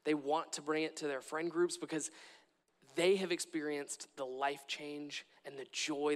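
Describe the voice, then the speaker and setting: A man's voice: on the high side, fairly even intonation, a little slow, big-room sound. A young man preaching a sermon in a church, earnest and repetitive, often restarting his phrases.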